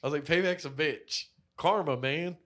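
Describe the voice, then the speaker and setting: A podcast co-host tells a story through animated, profane casual chat, acting out the people involved with quoted voices. His voice is fairly high, at a moderate pace.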